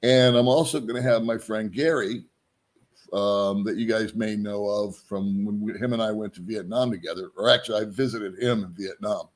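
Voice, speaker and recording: A man's voice: fairly low pitch, steady tone, normal speed. A man hosting his own vlog, chatting casually and loosely, with frequent ums and chuckles. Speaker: vlog host. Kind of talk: casual rambling vlog chat.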